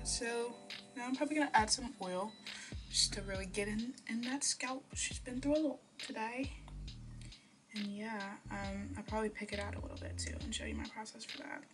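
Chatty young woman, music in background. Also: medium pitch. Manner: chatty, rambling, drops into whispers. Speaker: vlogger. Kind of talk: casual chat. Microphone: phone or built-in mic.

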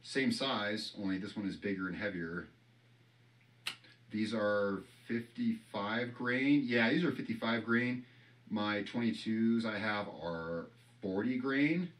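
A man's voice: fairly low pitch, slow, a bit bright, distant mic. A man hosting a casual how-to vlog, rambling and joking as he works and swearing now and then. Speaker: channel host.

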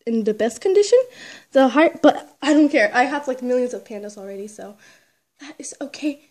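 A woman's voice: high-pitched, animated, fairly quick. Squealing, gushing woman unboxing toys. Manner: gushing, squealing, swinging between shouts and hushed whispers. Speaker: toy collector vlogger. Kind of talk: excited unboxing chat.

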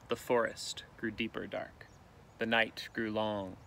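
A male teacher reading a picture book aloud with expressive, dramatic storytelling, outdoors in a canoe. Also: on the low side, moderate pace.

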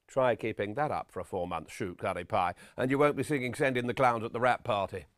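A man playing a vain, pompous middle-aged character actor, lecturing on his craft in a deadpan, self-regarding way. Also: mid-range voice, brisk, no room sound, clean studio sound, natural voice. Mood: self-important. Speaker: actor giving acting advice. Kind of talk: deadpan spoof documentary address.

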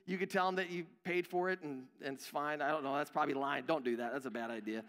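Casting: high, bright male pastor, young adult, chatty sermon delivery, reverb of a church hall. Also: fast, few pauses. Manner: conversational, self-deprecating, acts out quoted voices. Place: church sanctuary.

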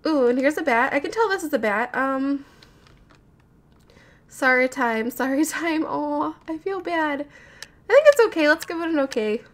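A woman's voice: high voice, unhurried, fairly bright tone. A woman commentating as she builds in a game, chatty, nervous and giggly as she talks to her viewers. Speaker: gamer. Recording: game audio with background music. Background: background music.

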